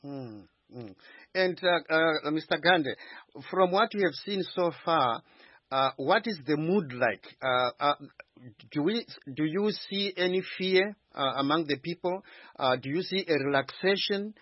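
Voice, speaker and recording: A man's voice: on the high side, lively intonation, unhurried, dry recording, muffled recording. A male radio co-host asking a reporter questions, with fillers between them. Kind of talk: radio news interview.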